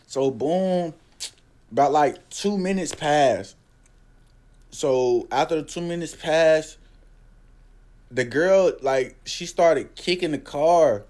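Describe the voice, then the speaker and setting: A man's voice: a little high, slow pace, pauses often. Slangy young man telling a story. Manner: slangy, animated, says bro constantly. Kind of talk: casual storytelling.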